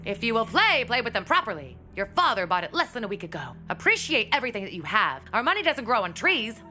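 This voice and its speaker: A woman's voice: a little high, sing-song, fast talker, pushed and bright, faint music behind. An actress playing a strict mother in a dubbed TV drama, stern and scolding.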